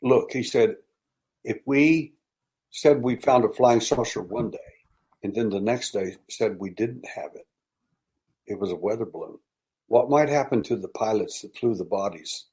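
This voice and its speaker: An American man guesting on a podcast, telling long stories with lively acted-out dialogue. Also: lowish voice, moderate pace. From United States. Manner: animated storyteller acting out quoted dialogue. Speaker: podcast guest, alien abduction researcher. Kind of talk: storytelling in casual interview.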